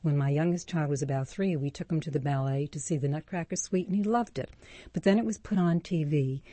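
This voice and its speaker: Older woman, low, mellow voice. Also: no echo. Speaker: guest psychologist. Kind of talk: interview answers.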